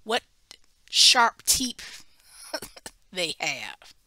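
A woman preacher with a lower voice draws out her words while teaching a Bible study, with no echo. She tells the story animatedly, voicing its people and restarting emphatically.

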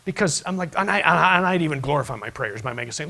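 Man, pastor, sermon, husky, slightly high voice, hushed to loud storytelling. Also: expressive, fast, rough recording.

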